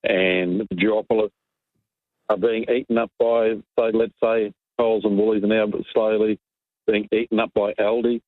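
An exasperated Australian man rants down a tinny phone line to a radio host, with a touch of sarcasm. His voice sits low, and the call sounds dry and close. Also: little pitch movement, moderate pace, no room sound. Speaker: caller.

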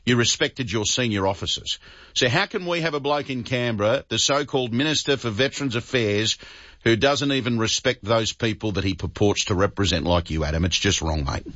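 An Australian man hosts talk radio with a lowish, steady voice. He is earnest and tends to stumble over and repeat his words. The sound is dry and a little dull. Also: brisk, no echo. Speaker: talkback radio host. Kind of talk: talk radio chat with callers.

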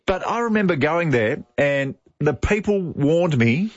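A man's voice: fairly high pitch, lively intonation, a little slow, no echo. An Australian man co-hosting breakfast radio, chatty and jokey, laughing often in casual banter. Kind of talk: casual chat. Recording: muffled broadcast studio sound.

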